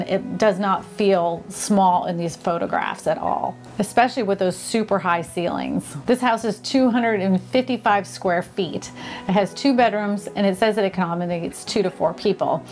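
A woman's voice: medium pitch, darkish tone. A woman hosting a casual vlog, touring homes with gushing, enthusiastic commentary and frequent exclamations. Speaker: vlog host. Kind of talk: casual home tour commentary.

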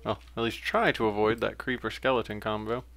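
A man's voice: on the low side, level tone, brisk, a bit bright. A young man giving casual, rambling commentary while playing a game, with frequent fillers and self-corrections. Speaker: let's play gamer.

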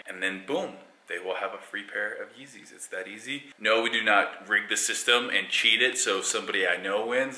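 A man's voice: fairly low pitch, bright, forceful tone. A young man chatting casually to camera in a playful, teasing vlog. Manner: playful, teasing, laughs a lot. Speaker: vlogger. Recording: echoey room, faint noise.

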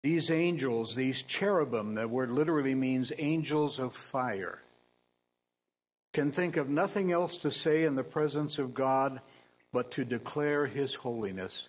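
Man preaching a sermon, earnest and punchy, drops in dry jokes, clears his throat a lot. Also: mid-range voice, a little slow, poor audio. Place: church.

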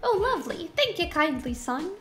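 A woman's voice: very high voice, very animated, moderate pace, fairly bright tone, faint music behind, full character voice. A woman voicing a melodramatic older woman who begs for help in a folksy, theatrical way. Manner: folksy, theatrical, calls him sonny.

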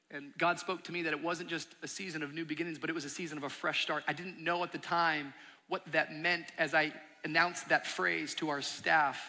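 A man's voice: fairly high pitch, bright, forceful tone. A man in his thirties, a pastor giving a sermon, telling his church's story earnestly and building to emphatic peaks. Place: large church auditorium. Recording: long hall reverb from a large auditorium.

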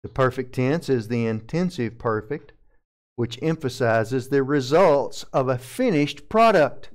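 A man with a Southern American accent gives a methodical Bible lesson from the pulpit, working through Greek grammar one term at a time. His voice is smooth and resonant, at an ordinary pitch for a man. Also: lively intonation, unhurried. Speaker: pastor. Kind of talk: verse-by-verse Bible teaching.

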